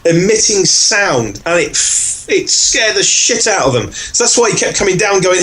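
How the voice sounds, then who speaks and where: A man co-hosting a podcast. He tells a story casually and acts out other people's lines in much higher voices. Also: very animated, normal speed, few pauses, fairly bright tone, poor audio. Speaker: podcast co-host. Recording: faint background noise.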